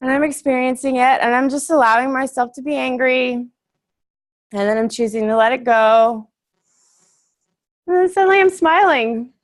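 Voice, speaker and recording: A woman's voice: high voice, normal speed, long pauses. A young woman giving a casual, earnest workshop talk to a group, chatty and full of fillers, laughing easily.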